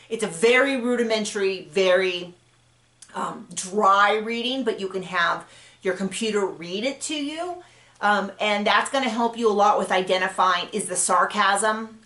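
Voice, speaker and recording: A woman's voice: mid-range voice, a bit bright. A woman author giving casual writing advice, chatty and full of fillers and self-corrections. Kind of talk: casual advice talk to camera. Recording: roomy echo.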